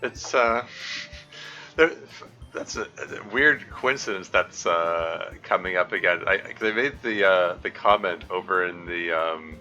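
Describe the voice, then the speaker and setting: Deep-voiced man rambling on a stream. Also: bright, forceful tone. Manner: rambling, halting, full of restarts. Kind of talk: live game stream with chat.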